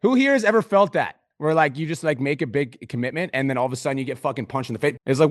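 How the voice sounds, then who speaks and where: A man coaching a client on a group video call, swearing constantly in a pumped-up motivational manner with sudden loud outbursts. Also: fairly high pitch, animated, quick pace, few pauses, no echo, clean studio sound. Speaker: business coach.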